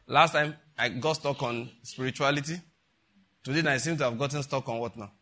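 A man's voice: medium pitch, fairly quick, sharp tone. An older man, preaching a sermon in a chatty way, full of rhetorical questions and asides. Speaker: pastor.

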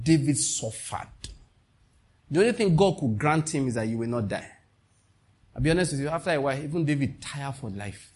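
Fervent Nigerian preacher, a man with a raspy, raised-pitch voice, at the pulpit. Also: expressive, a little fast, a little mellow. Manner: impassioned, mixing in pidgin asides. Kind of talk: sermon.

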